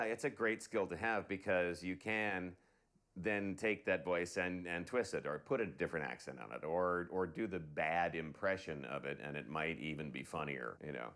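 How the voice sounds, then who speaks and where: A man with a low voice gives a documentary interview. He speaks in a relaxed, reflective way, thinking aloud about his craft. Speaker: voice actor.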